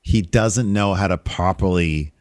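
Low-voiced man, rambling podcast chat. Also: measured pace, darkish tone, dry recording, studio quality. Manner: rambling, jokey, many fillers. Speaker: podcast co-host. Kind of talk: casual wrestling recap chat.

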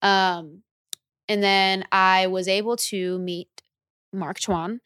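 A young woman, a recording artist, telling her story in a casual interview, slangy and animated, acting out her own reactions. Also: medium pitch, takes it slowly, smooth, no echo, studio quality.

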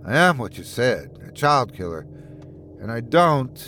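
Male narrator voicing a remorseful chained man; low, subdued, weary. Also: very animated, a little slow, sharp tone, faint music behind.

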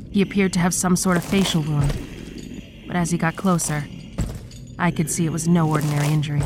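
Woman narrating horror, somewhat low voice. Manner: steady, measured storytelling. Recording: clear background noise.

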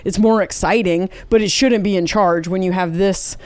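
Smooth-voiced woman explaining earnestly. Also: medium pitch, steady tone, moderate pace, no room sound. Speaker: guest, comedian. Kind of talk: casual chat.

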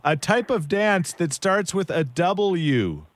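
A man's voice: high-pitched, expressive, slow, dry recording. A man co-hosting a radio podcast, chatting casually and running a call-in quiz game, playful and often laughing.

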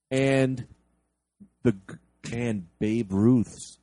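A man's voice: mid-range voice, lively intonation, a little slow, a little mellow, no echo. A man narrating and directing an improv comedy sketch in a bossy, exasperated way.

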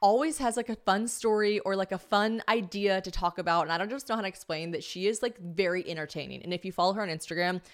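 A young American woman hosting a podcast, telling a story in a chatty, animated way with casual swearing. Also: medium pitch, quick pace, few pauses. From United States. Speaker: podcast host. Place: home podcast room.

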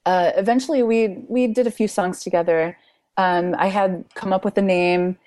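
A woman's voice: medium pitch, steady tone, normal speed, darkish tone, no echo. A woman musician guest in casual chat, friendly and giggly, with frequent fillers.

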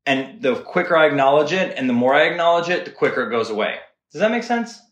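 A man talking as a podcast guest, earnest and animated, often checking in with "right?". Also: on the high side, lo-fi sound. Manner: earnest, animated, talks fast with many "right?" asides. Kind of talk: casual podcast chat. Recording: roomy echo.

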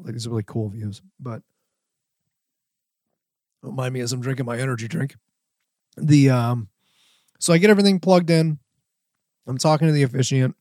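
A man's voice: medium pitch, darkish tone, no echo, studio quality. A man telling a story from his work as a wedding videographer, rambling with lots of restarts. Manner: rambling, many likes and restarts. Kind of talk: casual storytelling.

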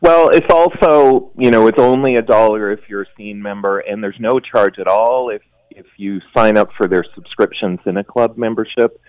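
Male academic guest, low voice, dry muffled remote line, easygoing. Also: moderate pace, no echo. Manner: relaxed, many "you know" fillers. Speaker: sociologist guest. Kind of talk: radio interview by phone.

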